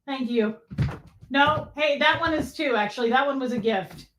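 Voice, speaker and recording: A woman's voice: sits high, moderate pace, fairly bright tone, a little hiss or hum. A woman hosting a casual livestream from her rural home, chatting with viewers, thanking them by name and swearing freely. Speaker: livestream host.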